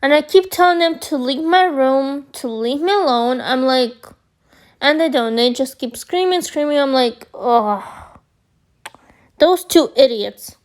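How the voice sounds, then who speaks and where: A woman vlogger telling a story to her viewers, rambling with lots of fillers, her voice a bit hoarse from screaming. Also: sits high, moderate pace. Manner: rambling, filler-heavy, addresses viewers as guys. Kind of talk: storytime chat.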